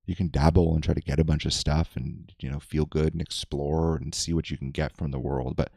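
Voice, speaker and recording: A low-voiced man with a gravelly edge, talking things over in a relaxed, rambling way. His tone is mellow and the recording is close and dry. He co-hosts a casual podcast chat. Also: fairly quick, dry recording. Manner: reflective, loose, many fillers and restarts. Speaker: podcast co-host.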